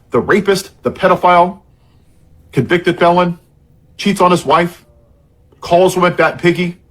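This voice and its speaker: A man with a fairly high, slightly bright voice launches into an impassioned political rant. He sounds angry, worked up, and frustrated, leaning on heavy sarcasm and irony.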